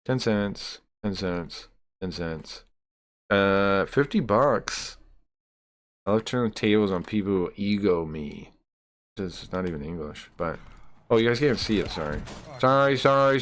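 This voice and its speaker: Deep and clean, this man's voice carries a casual live-stream chat. He talks to his viewers in a loose, rambling way, counting up numbers off the screen out loud as he goes.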